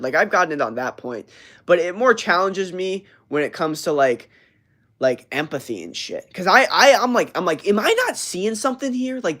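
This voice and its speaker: A man's voice: mid-range voice, a bit bright. Brash young man ranting on a livestream. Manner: brash, profane, rambling with many fillers and restarts; reads and answers live chat messages. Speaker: livestream host. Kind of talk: casual livestream chat.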